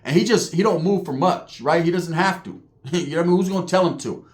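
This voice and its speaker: A man telling prison stories in a casual monologue, animated and profane, heavy on street slang, acting out the people he describes. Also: high-pitched, fast talker. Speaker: storyteller recounting prison life.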